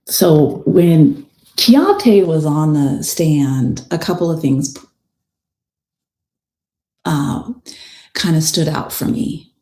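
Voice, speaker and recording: A woman's voice: sits low, expressive, drawn-out words, pauses often, warm tone. A woman host and attorney casually recounting a trial in a chatty, plainspoken way, with frank personal asides. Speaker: family law attorney and podcast host. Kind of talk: casual storytelling recap of a trial. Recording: echoey room.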